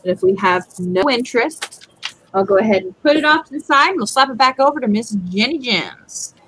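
A woman's voice: a little high, animated, brisk, a bit bright, a little hiss or hum, poor audio. A woman hosting a live jewelry auction stream, chatting casually as she describes each piece.

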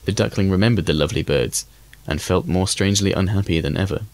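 Deep voiced guy reading a fairy tale audiobook, calm and even, dry close sound. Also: fast talker, no echo. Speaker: audiobook reader. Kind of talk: scripted storybook narration.

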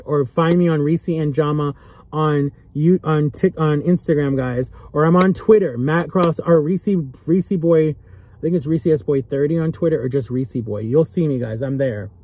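Young man, emotional, pleading, repetitive, higher-pitched voice, mellow tone. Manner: earnest and pleading, repeats phrases for emphasis. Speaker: vlogger. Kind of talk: impassioned direct-to-camera talk.

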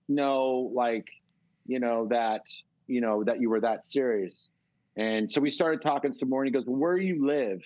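A middle-aged man from California, telling a long, animated story as a guest in a casual interview. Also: mid-range voice, dry recording, dull audio. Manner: rambling, animated storytelling with swearing. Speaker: guest musician.

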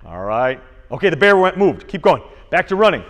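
A man's voice: on the high side, fairly quick, big-room sound. A man teaching an online martial arts class for kids, explaining kicks and calling out commands. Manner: energetic, calls out commands to kids.

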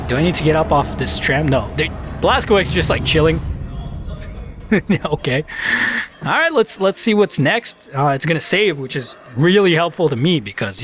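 A man riffing through gameplay commentary, his fairly high voice swinging up and down as he jokes and mocks himself. He taunts enemies on screen in a loose, chatty way, with faint game music under him. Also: a bit bright. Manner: joking, self-mocking, talks to enemies on screen. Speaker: let's play commentator.

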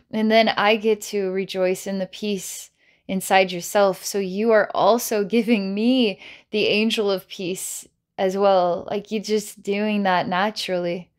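A woman psychic healer talks through a guided energy-healing session at a medium pitch. Her manner is playful and giggly, loose and full of filler words.

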